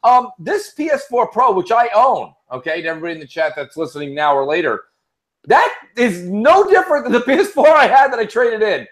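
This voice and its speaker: A man hosting a casual gaming podcast, an animated storyteller who swears freely. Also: high-pitched, brisk. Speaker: podcast host.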